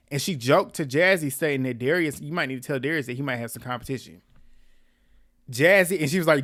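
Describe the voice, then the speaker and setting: A man's voice: a little high, no echo, clean studio sound. Gossipy man recapping reality TV. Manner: animated, gossipy storytelling with frequent laughs. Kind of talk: casual episode recap.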